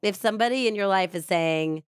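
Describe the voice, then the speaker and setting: A woman's voice: medium pitch, fairly quick, clear, resonant tone, dry recording, studio quality. A woman podcast host telling a true crime story in a casual, chatty way, with frequent "like".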